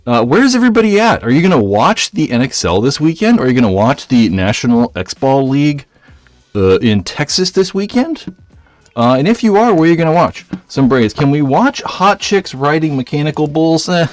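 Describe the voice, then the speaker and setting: A man's voice: fairly high pitch, very animated, normal speed, no room sound, faint music behind. A man hosting a casual live stream, rambling and joking as he reads out viewers' messages, a little out of breath. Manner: rambling, jokey, reads chat aloud.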